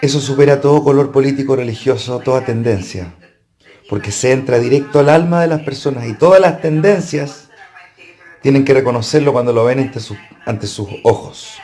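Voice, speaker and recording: Man, reflective voice-over, calm and measured, mid-range voice. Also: mid-range voice.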